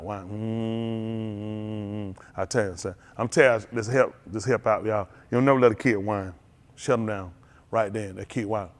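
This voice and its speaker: A middle-aged man, preaching an animated sermon as pastor, laughing and calling out to the congregation. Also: on the low side. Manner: animated preaching with laughs and audience call-outs.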